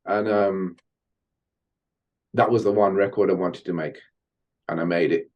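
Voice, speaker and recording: A middle-aged man from Birmingham, England, guesting on an interview podcast and telling stories from his music career in an animated way. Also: low-pitched, a little slow, lo-fi sound. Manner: animated storyteller, slips into Jamaican-style patois when chanting. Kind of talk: storytelling interview.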